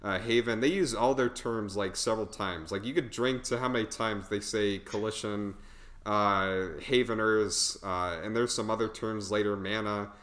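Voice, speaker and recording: A fairly low, fairly bright male voice at a moderate pace belongs to a podcaster loosely reviewing a poor movie. He wanders off track, leans heavily on fillers, and laughs at his own jokes.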